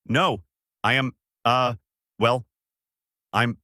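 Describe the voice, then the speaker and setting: A man doing a frightened cabin boy for a fan-made audio story: high, quavering and stammering. The voice sits far above the storyteller's own, and the sound is dry. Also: a little slow, a bit bright, dry recording. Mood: scared. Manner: stammering, yelping.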